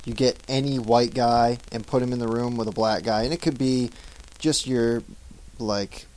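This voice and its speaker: Man, from Maine, casual podcast co-host, laid-back storyteller, mid-pitched, laughs often. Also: fairly even intonation, moderate pace, darkish tone, rough recording. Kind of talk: casual chat.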